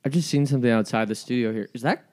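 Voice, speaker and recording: A man's voice: medium pitch, rapid-fire, darkish tone. A man appearing as a guest on a podcast, chatting casually in a laid-back, joking way. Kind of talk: casual chat.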